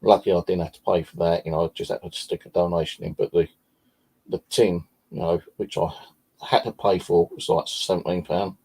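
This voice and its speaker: Male vlogger, deep husky voice, casual profane storyteller. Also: steady tone, a little fast, dark tone. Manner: swears freely, rambling anecdotes.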